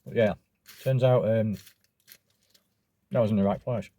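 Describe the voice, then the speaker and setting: Laid-back Australian man, dark voice. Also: fairly low pitch, fairly even intonation, unhurried, dry recording. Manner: rambling, laid-back, swears casually. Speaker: food reviewer. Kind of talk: casual food review vlog.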